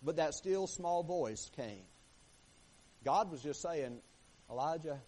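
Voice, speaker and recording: Guy preaching a sermon, fairly high voice, goes soft then loud, reads bible verses. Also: lively intonation, slow pace, pauses often, slight background noise, rough recording. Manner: swings between hushed and emphatic preaching, reads scripture aloud.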